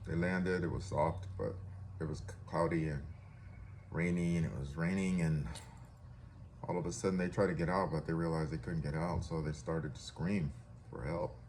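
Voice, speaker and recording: A man's voice: rumbling low, fairly even intonation, normal speed, a little mellow, slight background noise. A man from California telling a story casually, loose and rambling with self-corrections.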